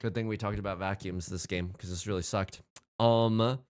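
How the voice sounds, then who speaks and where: A young man giving casual gameplay commentary as a let's play host, swinging between fretting mutters and excited outbursts. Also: fairly low pitch, moderate pace, clear, resonant tone, no echo, clean studio sound.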